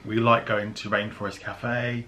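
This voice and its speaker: A man's voice: fairly low pitch, little pitch movement, measured pace, sharp tone, a little hiss or hum. A man from the UK chatting casually about travel plans as a vlogger, laughing often and using lots of fillers. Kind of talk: casual chat.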